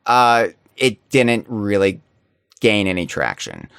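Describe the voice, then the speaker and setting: A man's voice: fairly low pitch, big pitch swings, slow pace, gravelly, a bit bright, clear, resonant tone, no room sound, clean studio sound. A man talking as a podcast guest, reflective and earnest, explaining his views at length in casual chat.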